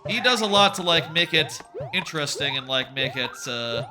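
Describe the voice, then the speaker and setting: A young man chats casually while playing a game on stream. His voice sits a bit high, and he speaks animatedly at a moderate pace. His talk wanders, with offhand swearing and repeated words whenever he restarts a thought, while game music plays clearly behind him.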